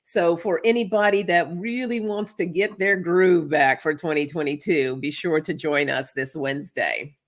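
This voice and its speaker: A woman co-hosting a casual tarot livestream, chatty and quick to laugh. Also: on the low side, steady tone. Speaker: livestream co-host and tarot reader.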